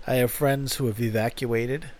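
A man's voice: mid-range voice, fairly even intonation, normal speed, darkish tone. A man hosting a music podcast, chatting casually in a rambling, profane way with frequent fillers. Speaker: podcast host. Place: home in a smoky city.

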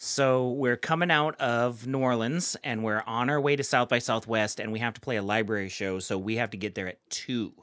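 A man telling a profane road story in casual chat, animated and joking. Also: medium pitch, moderate pace, hardly any pauses, dry recording, studio quality.

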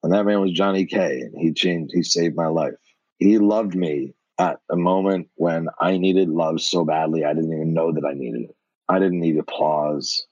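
A man's voice: low-pitched, normal speed, a little mellow, dry recording, dull audio. A middle-aged man from New York, a podcast guest telling his life story with blunt, profane energy.

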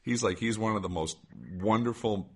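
A man's voice: lowish voice, moderate pace, breathy edge. A man hosting a podcast, chatting casually in an eager, rambling way, full of "like" and "right?". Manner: enthusiastic, rambling, says "like" and "right?" often. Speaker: podcast host. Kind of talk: casual chat.

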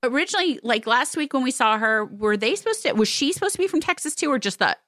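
Woman, middle-aged, casual podcast chat, animated, exclamatory, dry close sound. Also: sits high, no echo. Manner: animated, exclamatory, with drawn-out stresses. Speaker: podcast co-host.

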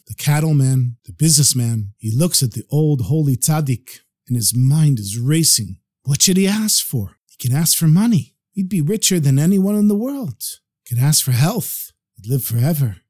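A man narrating a story for a storytelling podcast, expressive and animated. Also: medium pitch, no echo, studio quality.

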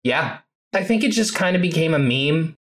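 Podcast co-host, deadpan teasing humor, relaxed conversational talk. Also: medium pitch, moderate pace. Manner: dry, teasing quips. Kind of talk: casual podcast chat.

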